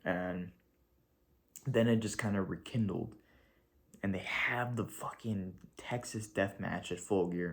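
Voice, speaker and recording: A man talking through a wrestling show in a casual video review, excitable and gushing, swearing freely and rambling with slang. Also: low-pitched, takes it slowly.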